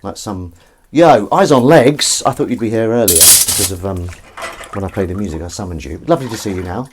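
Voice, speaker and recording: A deep-voiced man talks fast, with background noise, while washing up at his kitchen sink during a comedy livestream. He chats casually, reads viewer comments aloud, and rambles in a self-deprecating way. Behind him are the sounds of clinking dishes and running water.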